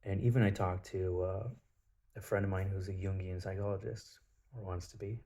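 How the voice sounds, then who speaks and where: A man's voice: low-pitched, steady tone, moderate pace, dark tone. A man telling a personal story in a casual spiritual monologue, blunt and profane, with lots of filler words.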